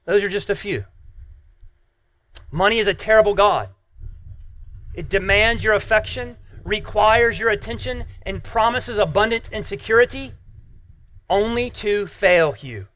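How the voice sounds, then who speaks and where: A man's voice: sits high, a little slow, long pauses, fairly bright tone. A man preaching a sermon as pastor, earnest and emphatic, asking the listeners rhetorical questions.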